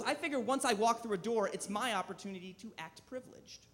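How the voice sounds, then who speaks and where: A man in his twenties performing a deadpan, self-deprecating stand-up set on a comedy club stage into a handheld mic. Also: high-pitched, fast talker, a little hiss or hum.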